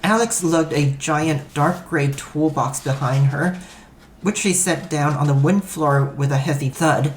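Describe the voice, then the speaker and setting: A man narrating a first-person story in an even, matter-of-fact way. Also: on the high side, unhurried, slight background noise. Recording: roomy echo.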